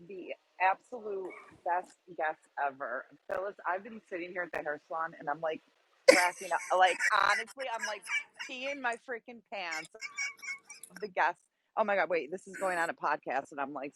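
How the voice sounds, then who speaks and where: A woman calling into a live podcast from a hair salon, excitable and gushing, swearing casually. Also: lowish voice, normal speed, slight background noise, poor audio. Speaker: audience caller.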